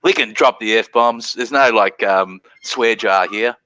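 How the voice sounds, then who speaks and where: A middle-aged Australian man chatting casually as host of a live stream, laid-back and quick to greet viewers. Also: on the low side, pushed and bright, dry recording, muffled recording.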